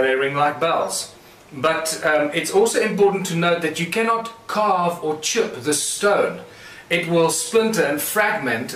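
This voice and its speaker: A man's voice: a little high, a bit bright, a little hiss or hum. A man giving a conference lecture, explaining things and pointing them out to his audience as he demonstrates. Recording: echoey room.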